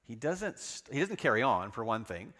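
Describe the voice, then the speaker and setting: A man preaching a sermon, retelling scripture in a lively, dramatic storytelling manner. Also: medium pitch, moderate pace, in a large hall. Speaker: pastor.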